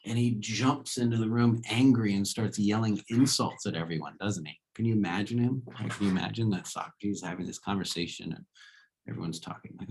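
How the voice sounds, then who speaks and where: A man's voice: on the low side, brisk, a little mellow, breathy edge. A man giving a casual philosophy lecture, talking conversationally and checking in with rhetorical questions.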